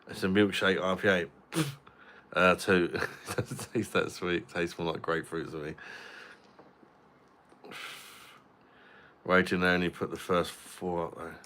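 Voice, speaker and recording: A man's voice: sits low, pushed and bright. A man hosting a casual livestream, reading out viewer comments and joking while reviewing a beer. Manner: laid-back, jokey, drinks and reviews beer. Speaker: livestream host. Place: home live stream.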